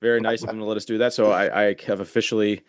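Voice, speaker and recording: Fast-talking low-voiced man. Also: flat delivery, no echo, studio quality. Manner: rambling, filler-heavy recap. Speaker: podcast co-host. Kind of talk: casual chat.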